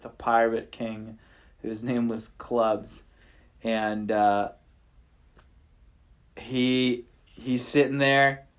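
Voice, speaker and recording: A man improvising a bedtime story for his children at home at night, talking casually and thinking aloud into a handheld recorder. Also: medium pitch. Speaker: father telling a bedtime story.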